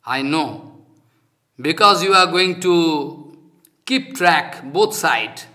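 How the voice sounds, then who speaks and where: A man's voice: on the high side, lively intonation, extremely slow, bright, forceful tone. An older man, a spiritual teacher whose first language is Bengali, giving a devotional lecture in an emphatic, repetitive manner with non-native phrasing.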